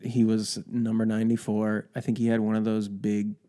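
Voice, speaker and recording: A man's voice: on the low side, completely flat delivery, normal speed, dark tone. A man co-hosting a comedy sports podcast, caffeinated and chatty, leading the segments in casual banter. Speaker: co-host.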